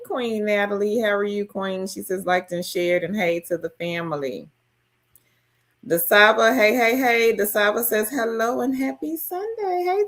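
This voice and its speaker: A woman hosting a casual live stream, greeting each viewer by name and reading out their comments. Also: on the low side.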